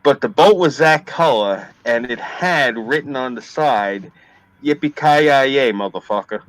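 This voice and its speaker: A man's voice: mid-range voice, lively intonation, measured pace, dry recording, low-quality recording. A man chatting casually on a live stream, telling stories animatedly and swearing freely. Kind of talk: casual chat and storytelling.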